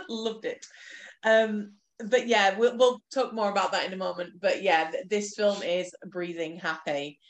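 A woman in casual conversation, talking in an animated, lively way. She restarts her sentences often. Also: medium pitch, normal speed. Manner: chatty, animated retelling, frequent restarts. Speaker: podcast co-host. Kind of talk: casual chat.

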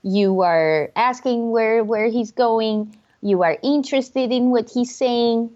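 A woman in casual chat, talking in an animated way and acting out different tones of voice. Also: fairly high pitch, takes it slowly, muffled recording.

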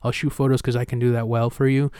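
A man's voice: medium pitch, little pitch movement, fast talker, mellow, clear, resonant tone, no echo, studio quality. Candid, slangy male podcast host. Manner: candid, swears casually, slangy; acts out retold dialogue with energy. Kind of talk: casual podcast conversation.

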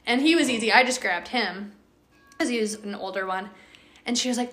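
A woman's voice: fairly high pitch, brisk, reverberant. Chatty woman telling a dog story. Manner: chatty, animated, lots of fillers. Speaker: podcast host. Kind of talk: casual storytelling.

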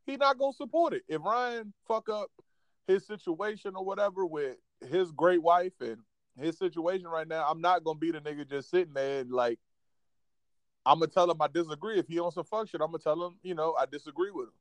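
A man's voice: on the high side, a little fast, no echo. Blunt, profane man co-hosting a talk show. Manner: blunt, profane, keeps it real. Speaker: podcast co-host. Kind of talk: casual chat.

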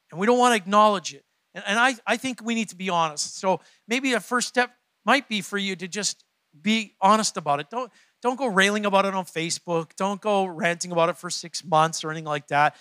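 A man's voice: high-pitched, sharp tone, dry recording. A male pastor preaching a conversational sermon to his church, often repeating his words as he goes. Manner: conversational, repeats words, laughs between points.

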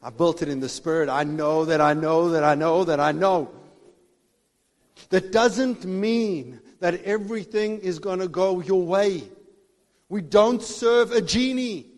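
A man preaching a sermon with fervour, swinging between shouted declarations and hushed asides. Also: high-pitched, measured pace. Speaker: pastor. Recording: long reverb of a big hall.

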